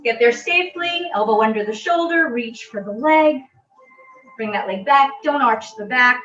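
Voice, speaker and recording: A woman fitness instructor calmly guiding a stretching class with gentle, reassuring cues. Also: a little high, moderate pace. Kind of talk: guided exercise instruction. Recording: roomy, distant, dull audio.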